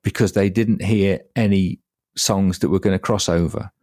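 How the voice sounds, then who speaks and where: A man with a deep, gravelly voice co-hosts a casual podcast, telling stories in an easygoing way and laughing easily. He is recorded close and dry. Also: moderate pace, no room sound. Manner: relaxed storytelling, laughs easily. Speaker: podcast co-host. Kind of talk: casual chat.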